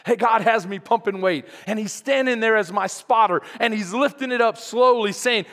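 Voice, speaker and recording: A man's voice: sits high, normal speed, few pauses, fairly bright tone. A man preaching a sermon as pastor, emphatic and calling out to his congregation. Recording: long hall reverb.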